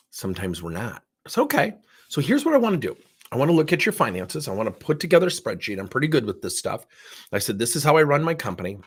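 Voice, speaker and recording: Husky middle-aged man telling a story. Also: mid-range voice. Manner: animated, acts out dialogue with theatrics. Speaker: coaching trainer. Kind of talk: storytelling in a training session.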